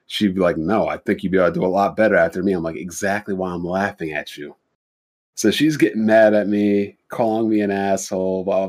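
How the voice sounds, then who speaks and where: A young adult man on a podcast telling a dating story in a blunt, profane, casual way, acting out both sides of the conversation in his own voice. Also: on the low side. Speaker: podcast host.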